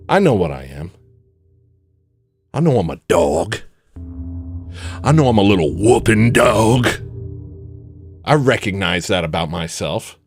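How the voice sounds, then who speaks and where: A man's voice: fairly low pitch, big pitch swings, measured pace, long pauses, soft background music. Rambling preachy man ranting on a stream. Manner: swings between shouting and muttering. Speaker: livestream host. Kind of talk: ranting monologue.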